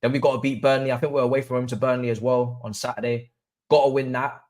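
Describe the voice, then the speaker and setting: A young man hosting a live football watch-along, swinging between low murmurs and excited chanting. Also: fast. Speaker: livestream host.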